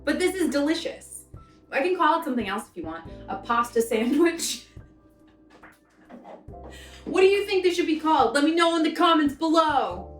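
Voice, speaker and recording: A woman's voice: sits high, expressive, moderate pace, long pauses, soft background music. Chatty young woman in echoey kitchen. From American South. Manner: rambling, chatty, self-interrupting. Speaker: cooking vlogger. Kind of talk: casual cooking vlog chat. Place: home kitchen. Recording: echoey kitchen, mic far off.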